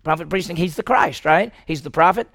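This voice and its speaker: A man's voice: on the high side, a little fast, vocal fry, a bit bright. A man preaching a sermon, asking the congregation questions and acting out the voices of the people in the story. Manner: asks the congregation questions, acts out quoted voices. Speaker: pastor.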